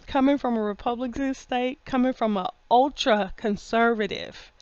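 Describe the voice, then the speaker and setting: A woman in a casual opinion monologue, folksy and full of endearments, laughing often and getting loud when worked up. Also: fairly high pitch, moderate pace, clean tone, dry recording, highs cut off. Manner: folksy, drawls endearments like honey and baby. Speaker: vlogger.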